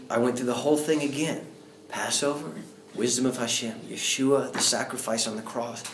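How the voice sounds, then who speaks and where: A man's voice: mid-range voice, a little hiss or hum. Guy telling his faith story, earnest, gets fired up and preachy, echoey room. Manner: earnest, builds to fervent preacher-like outbursts. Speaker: guest sharing a faith testimony. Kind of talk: personal testimony storytelling. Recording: roomy echo.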